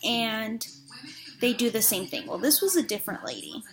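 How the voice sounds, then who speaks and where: A woman's voice: fairly high pitch, huge pitch swings, moderate pace, creaky, faint music behind. A woman vlogging a frank personal story in a chatty, casual way, with many fillers. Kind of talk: candid personal vlog storytelling.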